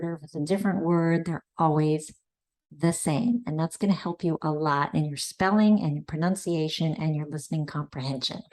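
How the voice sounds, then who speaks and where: A woman's voice: sits low, steady tone, measured pace. A woman teaching Spanish pronunciation online, carefully modeling vowel sounds for learners to repeat. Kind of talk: online language lesson.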